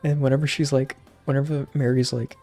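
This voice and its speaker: A man's voice: mid-range voice, little pitch movement, a little fast, dark tone, faint music behind. A young man casually recapping a movie, rambling with lots of slang and fillers. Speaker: channel host.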